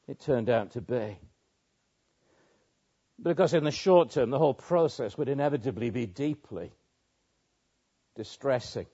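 Man, preacher, measured expository sermon, fairly high voice, dull lo-fi sound. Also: a little mellow, husky. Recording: muffled lo-fi sermon recording.

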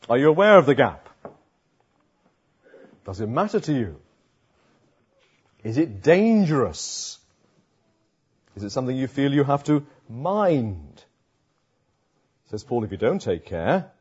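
A man's voice: medium pitch, darkish tone, husky. A man with a sore throat preaching a sermon as pastor, asking and answering his own rhetorical questions. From London area, England. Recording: dull lo-fi sound.

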